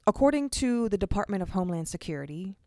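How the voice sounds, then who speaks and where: A woman's voice: medium pitch, very animated, quick pace, a little mellow, no room sound. A woman hosting a true crime podcast, narrating the case in an earnest, direct way and speaking to her listeners. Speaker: podcast host.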